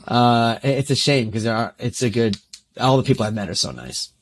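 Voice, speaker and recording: A man's voice: medium pitch, expressive, a little fast. Easygoing man hosting a podcast. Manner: easygoing, lots of short agreeing replies and laughs. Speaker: podcast host. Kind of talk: casual podcast chat.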